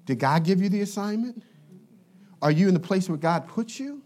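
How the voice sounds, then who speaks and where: Man, pastor, sermon, high voice, lively swooping pitch, conversational preaching. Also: normal speed. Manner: animated, conversational preaching with playful asides.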